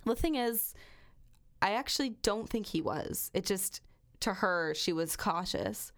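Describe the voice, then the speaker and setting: A woman's voice: mid-range voice, lively intonation, a little slow. A woman hosting a true crime podcast, reading a long passage aloud and then chatting casually, swearing freely. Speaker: podcast host.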